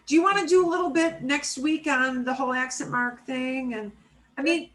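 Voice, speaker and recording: A woman with a fairly high voice teaches a class over a video call. She is chatty and explains at length, with many asides. She keeps checking in with her students. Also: steady tone, moderate pace, a bit bright, low-quality recording. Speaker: Spanish teacher. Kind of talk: casual online class teaching.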